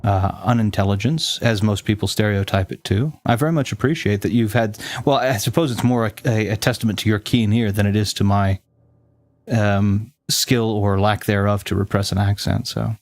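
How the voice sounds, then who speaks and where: Man with a neutral American accent, low-ish and rambling. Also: fairly even intonation, moderate pace, a little mellow. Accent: neutral General American. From Southern United States. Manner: rambling, self-correcting, explains at length. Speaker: streamer host. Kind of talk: casual stream chat with viewers.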